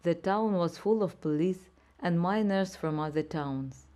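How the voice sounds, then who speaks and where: Slow, low-voiced woman narrator. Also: warm tone. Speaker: audiobook narrator. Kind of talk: slow scripted narration for learners.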